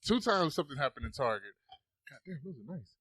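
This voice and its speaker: Casting: young adult man, lively podcast storyteller, dry close mic. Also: fairly high pitch, quick pace, no echo. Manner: animated storyteller, swears freely, acts out quotes. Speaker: podcast host. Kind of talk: casual chat.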